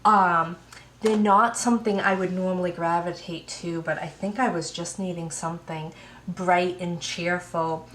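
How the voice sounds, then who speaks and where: An American woman hosting a podcast from home, chatting casually in an unhurried, rambling way with many fillers. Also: fairly low pitch, steady tone, fairly bright tone, reverberant, a little hiss or hum. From United States. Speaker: podcast host. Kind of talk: casual knitting podcast chat.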